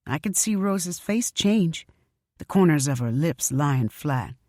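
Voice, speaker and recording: A woman narrating a story audiobook in an expressive first-person telling. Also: sits low, a little slow, no echo, studio quality.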